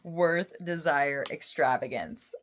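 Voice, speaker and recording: A woman giving a casual tarot reading to her viewers, emotional and excitable, rambling with lots of restarts and half-finished thoughts. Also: low-pitched, slow pace, a little hiss or hum. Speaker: tarot reader.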